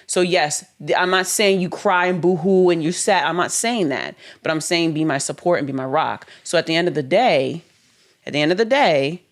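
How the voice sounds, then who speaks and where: A young adult woman, a podcast co-host, in an earnest, candid conversation with her husband, acting out quoted dialogue as she explains herself. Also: sits low.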